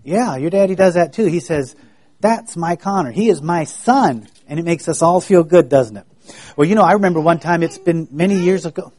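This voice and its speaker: A man giving a children's sermon, in a gentle, folksy way that keeps asking the children questions. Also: on the high side, a little fast.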